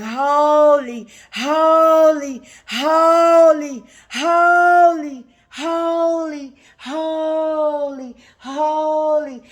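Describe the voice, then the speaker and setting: A woman giving an unscripted spiritual teaching, speaking to her listeners in a repetitive, preacherly way and sometimes dropping to a hushed near-whisper. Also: medium pitch, vocal fry.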